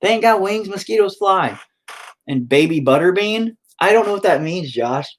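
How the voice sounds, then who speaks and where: His voice sits high and expressive, moving at a moderate pace, as he paints live for an audience. The streamer reads chat and wanders through casual talk, swearing and poking fun at himself.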